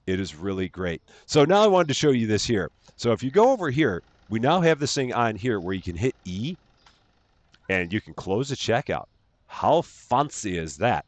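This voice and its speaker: A man's voice: low-pitched, no echo. A man hosting a live game stream, greeting viewers by name in a cheerful sing-song lilt. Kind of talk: live gameplay stream chat.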